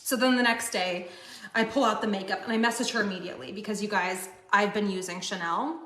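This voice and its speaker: A woman's voice: medium pitch, steady tone, quick pace, pushed and bright. A woman selling a beauty line, chatting to camera in a gushing way with lots of fillers. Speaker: MLM seller. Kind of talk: excited product chat to camera. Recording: roomy echo.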